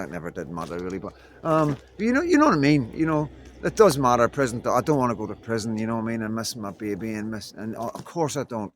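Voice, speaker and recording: A Belfast man with a Northern Irish accent vlogs to the camera indoors in Scotland, rambling casually and saying "you know what I mean" a lot. His voice is mid-range, with a little hiss or hum on the recording.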